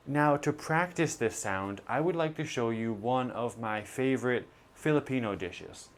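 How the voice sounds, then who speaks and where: A man teaching a pronunciation lesson, modeling sounds slowly and deliberately. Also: mid-range voice, expressive.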